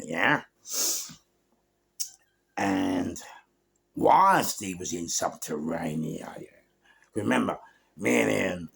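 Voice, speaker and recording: A man's voice: sits low, vocal fry, fairly bright tone, a little hiss or hum. A man with a London accent telling stories casually, with street slang, swearing, and frequent "yeah?" check-ins. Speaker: storyteller guest. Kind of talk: casual storytelling.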